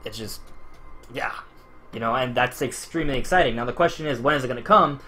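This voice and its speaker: A man's voice: medium pitch, fast talker, bright, forceful tone, faint music behind. A man hosting a casual podcast discussion, talking at length in a rambling way with frequent restarts. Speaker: podcast host.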